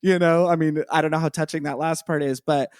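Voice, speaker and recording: A man's voice: a little high, steady tone, fairly quick, no echo, studio quality. A man co-hosting a casual podcast, rambling enthusiastically with lots of fillers. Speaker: podcast co-host.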